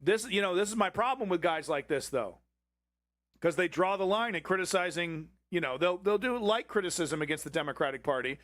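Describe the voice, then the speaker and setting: A man's voice: high-pitched, lively intonation, fairly quick, a bit bright, no room sound, studio quality. A man hosting a livestream, reacting to a political clip with angry, profanity-filled ranting. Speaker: livestream host.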